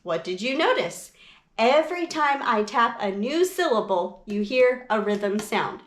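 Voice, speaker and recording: A woman music teacher explaining a lesson for parents and teachers in a slow, clear, patient way. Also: on the high side, reverberant.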